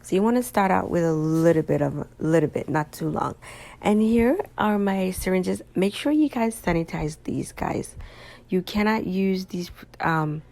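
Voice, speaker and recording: A woman's voice: fairly low pitch, expressive, normal speed, vocal fry, mellow. A woman talking casually over her video as a small business owner and vlogger, chatting straight to her viewers in a tired, yawning voice. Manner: chatty, addresses viewers directly. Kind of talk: casual voice-over of a craft tutorial.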